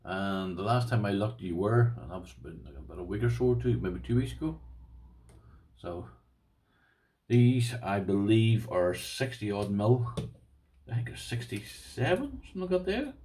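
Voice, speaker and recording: Irish guy with a lowish voice, chatty and rambly, unboxing locks and saying thanks a lot. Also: expressive, moderate pace, mellow. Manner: chatty, appreciative, rambling with restarts. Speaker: lock-picking vlogger. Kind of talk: casual unboxing chat.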